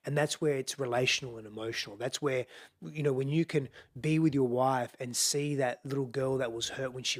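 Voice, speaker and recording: A middle-aged man talks as a podcast guest in a mid-range voice. He explains things earnestly and reflectively, often repeating a phrase to press a point home. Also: mid-range voice.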